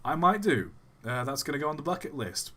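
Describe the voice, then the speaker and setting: A young man chats through a live stream, joking and breaking off mid-thought. His pitch bounces around a lot, and his tone stays casual. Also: lively intonation, fairly quick, fairly bright tone. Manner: chatty, jokey, trails off and restarts.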